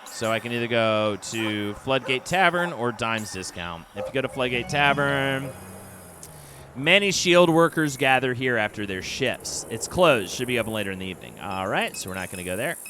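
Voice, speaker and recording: A man's voice: mid-range voice, expressive, moderate pace, sharp tone, a little hiss or hum. A man streaming a narrative game, reading its text aloud and adding wry asides. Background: game music.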